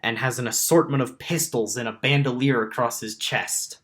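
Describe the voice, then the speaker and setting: A man narrating a tabletop game as dungeon master, halting and restarting as he describes the scene. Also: medium pitch, fairly even intonation, a bit bright. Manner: halting, many restarts and ums.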